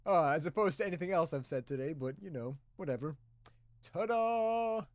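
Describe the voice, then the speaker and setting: A man's voice: fairly high pitch, fast talker. A man hosting a let's play, reading and joking along in a playful way. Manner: playful and giggly. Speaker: gaming channel host.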